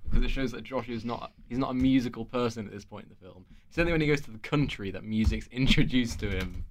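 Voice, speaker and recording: A man's voice: medium pitch, fast talker. A man brainstorming a silly script with friends, laughing often and swearing casually. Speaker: co-writer.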